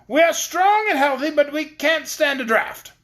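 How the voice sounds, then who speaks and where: A prickly little paper soldier from a storybook, piping up in a thin, high, wounded voice, as a man reads him out. He sounds shrill and indignant, and his pitch leaps about. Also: expressive, unhurried, a bit bright, heavily acted. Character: stiff, fussy male paper soldier.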